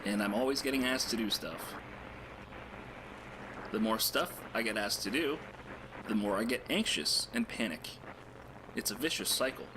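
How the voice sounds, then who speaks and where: An actor playing an anxious young man in a video game, talking in an even, subdued way about his worries. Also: fairly low pitch, moderate pace, pauses often, background noise, lightly acted. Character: anxious young man, nervous and self-doubting. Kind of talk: scripted game voice acting.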